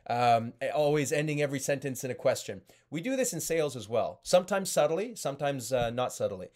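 A man's voice: medium pitch, animated, fairly quick, darkish tone. Emphatic male sales coach. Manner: emphatic coaching, checks in with "okay?" and "right?". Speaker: sales trainer. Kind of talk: sales training talk.

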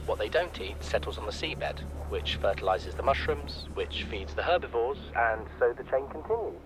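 An actor playing a young male scientist keeping an audio diary in a game, calm and reflective. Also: mid-range voice, moderate pace, lightly acted. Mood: curious. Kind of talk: recorded in-game voice log. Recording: game audio with music underneath.

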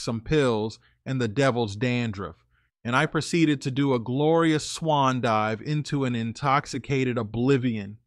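A man narrates a first-person story in a steady, confessional way. His voice sits at an ordinary middle pitch. The recording is dry, with no room sound. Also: no room sound.

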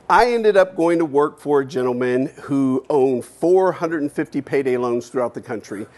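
A man in his fifties gives a keynote speech, telling his story in a candid, animated way with casual swearing. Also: fairly high pitch. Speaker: keynote speaker.

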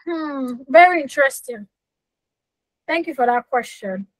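Emphatic high-voiced young woman coach. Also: expressive, a little slow, no room sound, low-quality recording. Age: young adult. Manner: emphatic, repeats phrases, asks the audience questions. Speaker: business coach hosting a workshop. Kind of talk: live online class talk.

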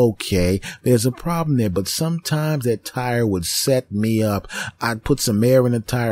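A man hosting a podcast, telling a comedic story in an animated, ranting manner. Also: mid-range voice. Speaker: podcast host. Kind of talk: comedic monologue.

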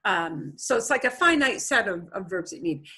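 Middle-aged woman teacher, bright husky voice, chatty explainer for an online class. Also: mid-range voice, lively intonation, moderate pace. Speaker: Spanish teacher.

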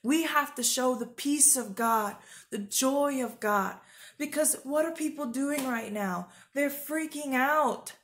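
A woman's voice: high voice, slow, a bit bright. A woman preaching informally to her viewers, earnest and urgent, rambling with fillers and restarts. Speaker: Christian video preacher.

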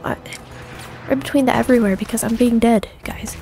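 A woman's voice: on the high side, a little fast, mellow, a little hiss or hum. A woman giving let's play commentary while gaming, panicky and self-mocking, often repeating herself. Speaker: gaming streamer.

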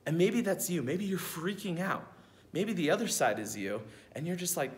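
This clip features a young man with a high voice talking at a normal speed over a noisy background. As a camp youth speaker, he gives kids an informal devotional, keeping it chatty with rhetorical questions and frequent check-ins.

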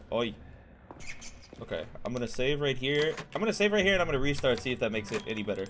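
A man's voice: mid-range voice, quick pace. Guy doing let's play commentary, swears a lot, gets hyped, game noise in the back. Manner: casual, profane, excitable. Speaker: gamer. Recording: game audio behind the voice.

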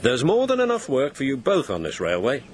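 A practical engine driver speaks kindly and reassuringly to his engines, as a man puts him on in a storybook. Loud music runs underneath. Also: medium pitch, wildly swooping pitch, a little fast, voice pushed up. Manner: kind, reassuring. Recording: voice over loud background music.

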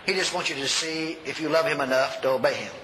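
A man preaching a sermon, telling a story in an animated, folksy way and shouting at the peaks. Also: a little high, quick pace. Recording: long hall reverb, faint noise.

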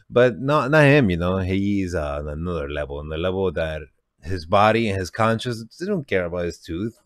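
A man hosting a music reaction video, talking casually and excitedly, repeating himself and laughing often; a native Spanish speaker. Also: low-pitched, a little fast, no room sound, studio quality.

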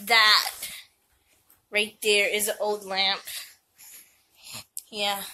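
A woman's voice: mid-range voice, level tone, very slow, sharp tone, slight background noise. A young woman playfully teasing and coaxing her small child at home while filming a casual vlog. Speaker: vlogger, mother. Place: home living room.

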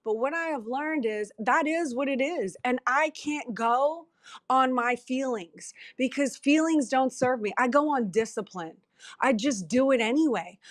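High, emphatic woman on a dry mic. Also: no echo. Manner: emphatic, self-deprecating, animated. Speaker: guest. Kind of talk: candid motivational talk.

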